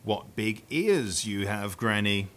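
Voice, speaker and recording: Guy reading a polite little girl, pretty normal voice, slow and calm. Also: on the low side, a little hiss or hum.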